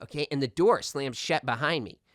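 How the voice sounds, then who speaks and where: A man's voice: medium pitch, a little fast, fairly bright tone, no echo, lightly acted. A man plays a boastful radio host who rambles and keeps demanding "okay?" as he tells his tale. He stays defensive whenever he is questioned. The recording is dry and close. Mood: rambling. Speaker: radio call-in show host. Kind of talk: comedic audio drama.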